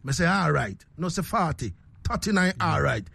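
Ghanaian guy hosting radio, high pitched, husky, laughs a lot, keeps saying you understand me. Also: normal speed, no room sound. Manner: animated, laughs often, repeats "you understand me". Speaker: radio show host. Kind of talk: casual radio chat reading listener messages.

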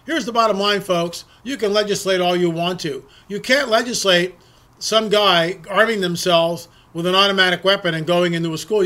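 A man's voice: high voice, fairly bright tone. A middle-aged man hosting an opinionated political monologue, talking emphatically and repeating words as he presses his points. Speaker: political commentary host.

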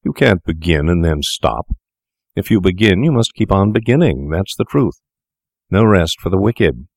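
A man voicing a calculating young doctor in a story, talking in a smooth, matter-of-fact, coaxing way. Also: low voice, lively intonation, normal speed, a little mellow, no room sound, clean studio sound, exaggerated voice. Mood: smoothly persuasive. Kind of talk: audiobook character voice.

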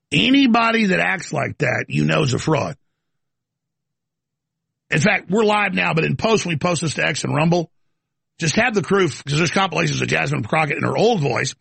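Ranting male talk show host, gravelly and husky, stammering restarts. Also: a little high, expressive, normal speed, a bit bright, no room sound. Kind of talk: live talk show rant.

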